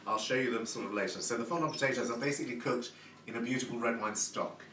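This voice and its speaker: Talking fast in a mid-range voice, a man hosts a live cooking demonstration from his home kitchen, chatty, effusive and heaping on praise words. The room echoes, the mic sits at a distance, and there's background noise.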